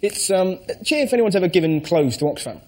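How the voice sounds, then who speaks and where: High-voiced playful male comedian. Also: sing-song, a little fast, heavy background noise. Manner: chatty, playful with the audience. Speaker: stand-up comedian. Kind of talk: stand-up routine.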